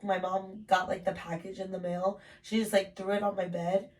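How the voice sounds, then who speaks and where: A woman's voice: mid-range voice, level tone, moderate pace, darkish tone, distant mic. A young woman in her twenties telling her life story on a podcast in a casual, chatty way, full of "like" and casual swearing.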